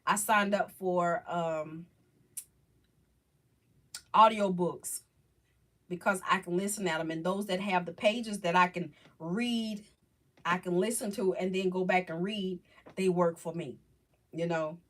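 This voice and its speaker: A woman hosting a casual live chat with viewers, talking about faith in a halting, rambling, heartfelt way. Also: lowish voice, a bit bright. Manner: halting, rambling, restarts often. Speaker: livestream host chatting with viewers.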